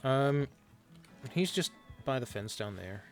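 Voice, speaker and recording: A man's voice: medium pitch, sing-song, slow pace, faint music behind. A man in an in-character western roleplay, telling a story in a hesitant way with many fillers. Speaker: roleplay streamer.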